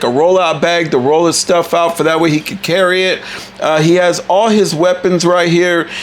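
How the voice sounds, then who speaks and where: A man hosting an excited toy unboxing review, talking in a hyped, animated, casual way with some cussing. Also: a little high, slight background noise.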